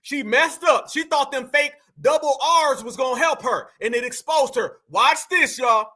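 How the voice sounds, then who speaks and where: A man's voice: extremely high pitch, normal speed, sharp tone. A man hosting a reaction commentary. He talks emphatically and mockingly, repeating his points straight to his audience. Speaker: commentary channel host. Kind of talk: reaction commentary on a played clip.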